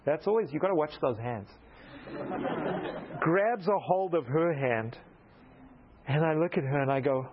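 A man preaching a storytelling sermon, animated and self-mocking, acting out the dialogue in his story. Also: a little high, a little slow, long pauses, narrow, tinny audio, some chatter behind, slight background noise.

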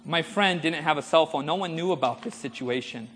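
A man's voice: a little high, fairly quick, a little hiss or hum. A man preacher telling stories in a sermon and calling for amens from the congregation. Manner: storytelling, animated, asks audience for amens. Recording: long hall reverb.

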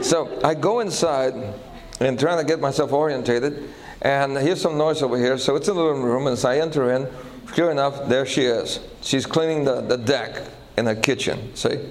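A man's voice: medium pitch, rough recording. A male pastor preaching a sermon, telling a story and checking in with the audience through questions. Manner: animated, asks the audience questions.

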